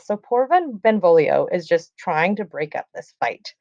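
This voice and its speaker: A woman with a slightly low voice teaches a class in a relaxed, chatty way. She reads lines aloud and then retells them in everyday words. The recording is dry and a little dull. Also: measured pace, gravelly, no room sound. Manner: casual, chatty explanations with reading aloud. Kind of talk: classroom lesson, reading and paraphrasing a play.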